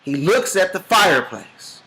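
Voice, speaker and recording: A man giving a motivational business talk, telling a story in an animated, dramatic way to a group. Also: high voice, measured pace, husky. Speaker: business speaker.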